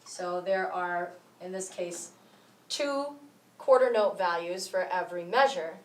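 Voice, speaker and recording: This rhythm tutorial comes from a woman with a lowish voice who talks a little slowly. She breaks the lesson into steps and counts the beats out loud, her voice reaching the mic from a distance through a roomy echo.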